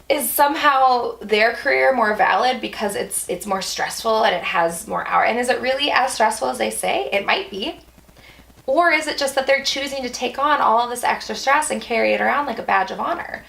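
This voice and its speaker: A young woman hosting a casual vlog, talking things through out loud with restarts and lively little outbursts. Her voice has a slight gravelly fry, and her pitch sits in an ordinary middle range. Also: moderate pace, rough recording. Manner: thinking aloud, with restarts and playful exclamations. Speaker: yoga instructor and vlog host. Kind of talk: casual reflective vlog talk.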